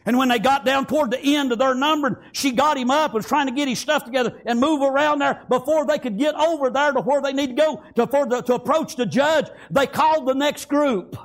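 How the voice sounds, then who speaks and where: A man preaching, telling a story in a sermon, swinging from hushed whispers to loud shouted praise. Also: very high-pitched, a little fast, hardly any pauses.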